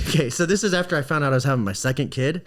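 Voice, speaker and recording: A man's voice: a little high, very fast. A man in his thirties, a stand-up comedian guesting on a podcast, telling a story casually with laughs and plenty of swearing. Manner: animated, laughing, swears freely.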